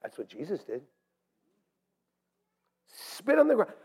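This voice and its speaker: A man preaching a sermon as pastor in a church, animated and swinging between hushed asides and shouts. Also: sits high, takes it slowly, slightly rough. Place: church sanctuary. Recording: long hall reverb.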